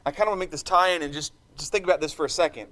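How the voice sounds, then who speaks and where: A man's voice: on the high side, very fast, bright, forceful tone. A man preaching a sermon with passion and emphasis, stopping to ask his listeners for an "amen.". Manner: impassioned, emphatic preaching with call-and-response asides.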